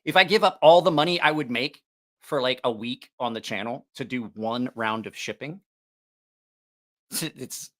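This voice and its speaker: A man's voice: mid-range voice, normal speed, a bit bright. A man hosting a livestream about knives, chatting casually and rambling, often correcting himself and cracking jokes. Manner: rambling, self-correcting, jokey. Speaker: knife channel livestream host.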